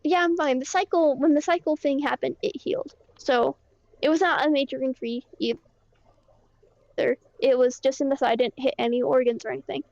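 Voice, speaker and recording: A woman playing a shaken young player character, telling her story in a rambling, halting way full of fillers and swearing. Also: high-pitched, fairly even intonation, creaky, darkish tone, no room sound. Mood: agitated. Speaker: roleplay character recounting events. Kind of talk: casual in-character roleplay storytelling. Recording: dull lo-fi mic.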